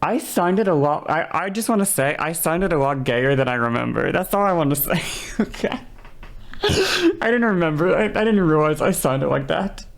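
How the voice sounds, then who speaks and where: A woman's voice: low voice, sing-song, moderate pace, creaky. A woman streamer chatting casually and rambling, laughing often and correcting herself mid-sentence. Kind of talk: casual livestream chat.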